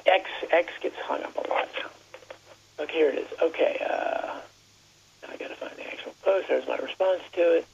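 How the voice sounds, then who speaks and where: A man's voice: on the high side, creaky, lo-fi sound, background noise. A man chatting on talk radio in a rambling way, stopping and restarting his sentences often. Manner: rambling, halting, many restarts. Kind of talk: casual talk radio chat.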